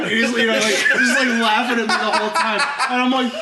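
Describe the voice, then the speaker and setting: A man's voice: high voice, moderate pace, over a noisy crowd. A man co-hosting a podcast, telling a rambling, self-deprecating story and laughing often. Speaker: podcast co-host. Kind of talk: casual storytelling chat. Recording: echoey room with background noise.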